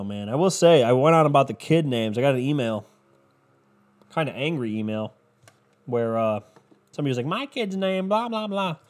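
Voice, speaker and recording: A man's voice: medium pitch, darkish tone. A man ranting in a sarcastic, profane, rambling comedic monologue as a podcast host. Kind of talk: comedic rant.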